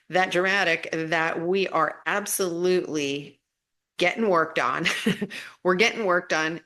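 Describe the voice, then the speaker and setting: A woman casually teaching about spiritual energy and healing, chatty and relaxed, often repeating herself and restarting sentences. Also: fairly low pitch.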